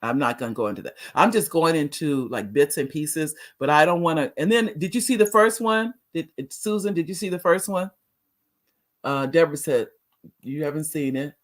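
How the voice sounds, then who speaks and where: A woman's voice: sits low, normal speed. A middle-aged woman hosting a casual live talk show, chatting with viewers, restarting sentences and laughing often. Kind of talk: casual live-stream chat reading viewer comments.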